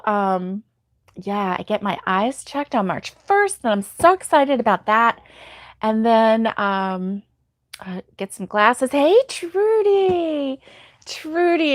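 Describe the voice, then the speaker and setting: In a studio-quality recording with no echo, a woman of middling pitch hosts a laid-back crochet stream. She's tired and yawning, calling out viewers by name between frequent ums and laughs.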